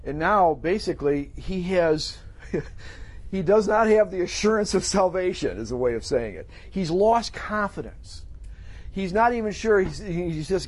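A middle-aged man with a husky, rather high voice delivers a sermon in a loose, conversational manner. He slips into the voices of people in the story, acting out their lines as he goes. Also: lively intonation, a little slow. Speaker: pastor.

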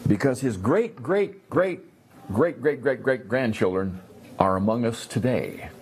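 Male Bible class teacher, very expressive pitch, acts out characters, slight hiss behind. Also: measured pace. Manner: animated, acts out characters, repeats words.

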